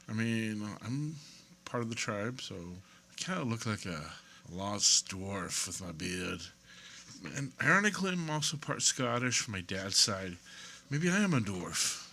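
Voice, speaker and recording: A man giving an off-the-cuff rant to camera, rambling and digressive, with wry self-deprecating asides and pauses while he leafs through a book. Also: mid-range voice, pushed and bright. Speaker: video creator.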